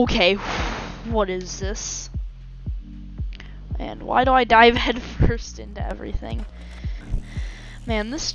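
Slow-talking woman narrating her gameplay. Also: medium pitch, rough recording. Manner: self-mocking, frequent exclamations and sighs. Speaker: gameplay commentator. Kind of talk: casual gameplay commentary.

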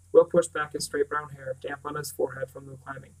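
A man narrating a novel aloud in a steady, even storytelling manner. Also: a little high, fairly quick, hardly any pauses, distant mic, low-quality recording. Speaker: reader. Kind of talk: audiobook narration.

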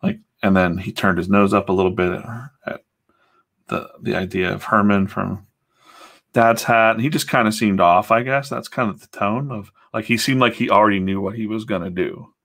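A comic artist streaming his drawing session chats casually in a fairly low, slightly bright voice at a moderate pace. He rambles through loose stories while working, swearing and acting out quotes.

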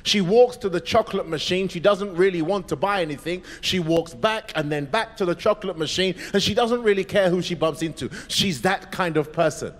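A male pastor telling a story in a sermon, dramatic and vivid, dropping to a hush at moments. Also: high-pitched, fairly quick, hardly any pauses. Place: large church. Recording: echoey church hall.

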